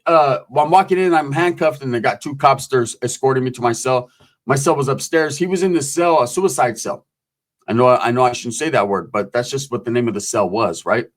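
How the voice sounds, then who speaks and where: Profane streetwise man telling prison stories. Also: a little high. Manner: profane, streetwise, acts out voices in quotes. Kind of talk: casual storytelling.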